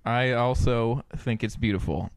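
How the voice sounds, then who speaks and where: A man's voice: mid-range voice, measured pace, clear, resonant tone, dry recording. A man co-hosting a casual comedy podcast, laughing often as he wraps up the episode. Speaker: podcast co-host.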